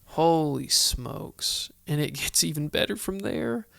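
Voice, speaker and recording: Slow, gravelly-voiced man hosting a podcast. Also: a little high, expressive, fairly bright tone, dry recording, clean studio sound. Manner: chatty, thinking aloud, heartfelt. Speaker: podcast host. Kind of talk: solo Bible study podcast talk.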